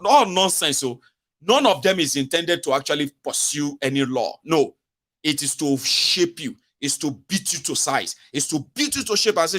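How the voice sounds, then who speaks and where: A man's voice: fairly high pitch, animated, moderate pace, a bit bright. A man with a Nigerian accent hosting a live commentary stream, talking animatedly and acting out the voices he quotes, with Pidgin asides. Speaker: live show host. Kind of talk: casual political commentary livestream.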